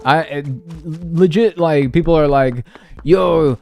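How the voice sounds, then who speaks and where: A man's voice: mid-range voice, moderate pace. A man chatting casually and profanely while streaming a video game, rambling through stories. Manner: rambling, profane, animated storytelling with mimicked voices. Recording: faint music behind.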